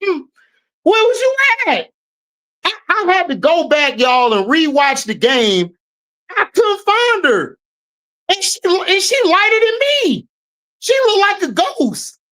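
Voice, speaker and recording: A woman hosting a sports talk show who tears into players with profane, animated commentary. Her voice sits high and swings widely in pitch, and she takes her time as she talks. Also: slow, poor audio. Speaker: sports podcast host.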